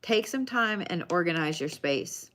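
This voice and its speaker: Woman doing live card readings, kinda low voice, chatty, talks right to viewers. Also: animated, measured pace, a bit bright, a little hiss or hum. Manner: chatty, addresses viewers by name. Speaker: tarot card reader.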